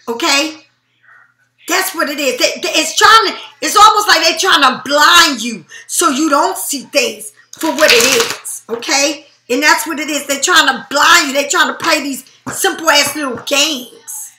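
A woman's voice: sits high, measured pace, bright, forceful tone, reverberant. A woman reading tarot cards in a blunt, profane, emphatic way. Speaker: tarot reader.

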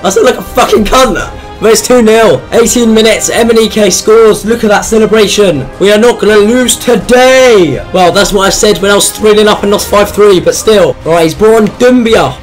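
A man with a hoarse, damaged voice, giving excited, sweary commentary on his own football video game match and yelling at goals. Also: high voice, moderate pace, few pauses, soft background music. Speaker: gaming YouTuber.

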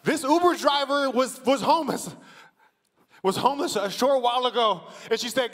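A man from the church team telling a story from the stage, acting out the quotes and rising to shouted praise. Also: very high-pitched, normal speed. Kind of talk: testimony preached from the stage. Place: large church auditorium. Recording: long hall reverb.

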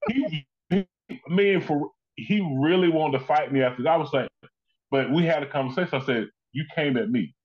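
In lo-fi sound, a man whose voice sits on the high side speaks fairly quickly. He is a comedian and actor telling conversational stories in an interview, animatedly acting out the people he quotes.

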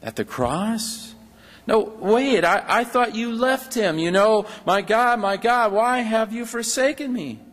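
A man's voice: high-pitched, lively intonation, slow pace, fairly bright tone, in a large hall, voice pushed up, full character voice. A man reading the lines of a grieving father who distrusts God, in a raised, pleading voice.

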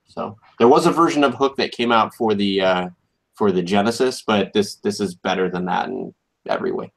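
An easygoing man with a fairly low voice, co-hosting a casual podcast. He reviews games in a relaxed way, dotted with ums and uhs. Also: brisk, gravelly. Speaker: podcast co-host. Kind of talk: casual chat.

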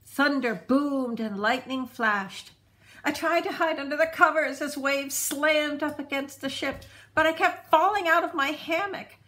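A woman storyteller reading a children's storybook aloud in an unhurried, expressive way. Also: sits high.

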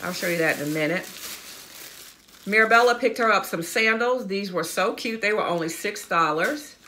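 Bright-voiced chatty woman showing off a haul. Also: medium pitch, moderate pace, slight background noise. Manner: chatty, enthusiastic, addresses viewers as y'all and guys. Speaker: fashion vlogger. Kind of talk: casual haul video chat.

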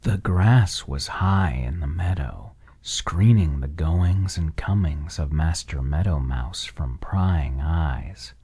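A man reading an old children's bedtime story in a soft, gentle whispered role-play. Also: very deep voice, lively intonation, slow, few pauses, husky. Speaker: ASMR storyteller.

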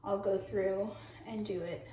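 A young adult woman from Texas, casually walking through her nighttime skin and hair routine and filling her pauses with ums. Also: medium pitch, fairly even intonation, dark tone. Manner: chatty with frequent ums, self-correcting. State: pregnant. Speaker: vlogger. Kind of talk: casual product walkthrough. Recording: roomy, mic at a distance.

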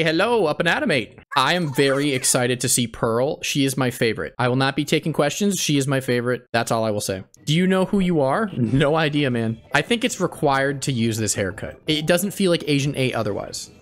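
A man's voice: medium pitch, animated, moderate pace. A man streaming a video game live, joking around playfully and laughing a lot as he comments. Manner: playful, goofy, bursts of laughter; mock-threatening jokes. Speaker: gaming streamer.

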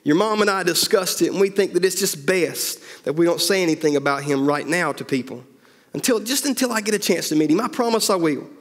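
A man's voice: high voice, expressive, brisk, long reverb tail, pitched above the performer's own voice. A male pastor voicing a worried, loving father in a sermon story, earnest and pleading. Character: anxious, loving middle-aged father.

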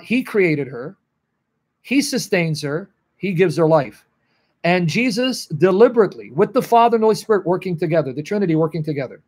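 A Bible teacher hosts a livestream session, answering viewers in the chat and addressing them by name. His voice is high and husky, a little above the typical male range, and his manner is earnest and openly emotional.

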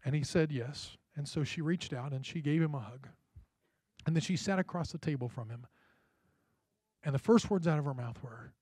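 A man's voice: fairly high pitch, moderate pace, darkish tone, slightly rough, no echo. A man, a pastor, giving a sermon in a conversational storytelling way and often checking in with the congregation. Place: church.

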